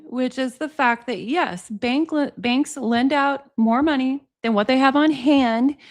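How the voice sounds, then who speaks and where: A woman in her forties reacting on a live stream, sarcastic and exasperated, often laughing, greeting her chat between remarks. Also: high-pitched. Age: 40s. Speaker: commentary streamer.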